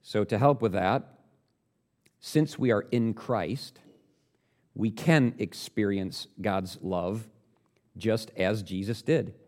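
A man preaching a sermon, earnest and direct, asking the listeners questions and building up louder on the points he stresses. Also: lowish voice, slow, long pauses.

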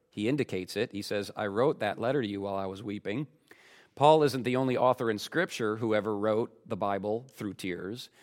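Emphatic man preaching a sermon. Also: on the low side. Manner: emphatic, rhetorical questions to the congregation. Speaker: pastor.

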